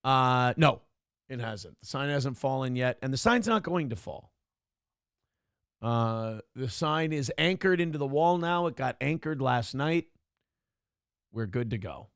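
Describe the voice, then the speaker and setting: A man's voice: medium pitch, animated, a little slow, fairly bright tone, smooth, no echo. A man hosting a morning livestream show, chatting in a crude, sarcastic, rambling way from a small studio. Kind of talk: casual livestream chat.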